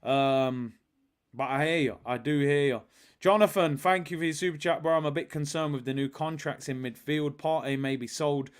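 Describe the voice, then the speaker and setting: A man's voice: fairly high pitch, moderate pace, clear, resonant tone. A man hosting a live football watch-along stream, chatting casually, reading viewer messages aloud and calling the match action. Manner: chatty, reads out viewer super chats, excited match calls.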